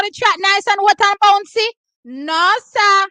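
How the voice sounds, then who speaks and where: A high, bright Jamaican woman reacts to the races at full volume, hoarse and nearly out of voice. She jumps between patois and English as she cheers and breaks things down. The sound is close and dry, with no room around it. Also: unhurried, dry recording, rough recording. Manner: excitable, loud exclamations, switching between patois and English. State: hoarse, losing her voice. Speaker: track and field watch-party host. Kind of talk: live race reaction commentary.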